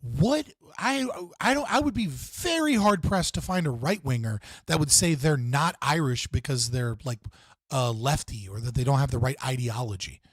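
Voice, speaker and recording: A man's voice: medium pitch, animated, normal speed, husky, no room sound, studio quality. A man hosting a live stream, casually reacting to clips in a rambling way with lots of fillers and frequent laughs.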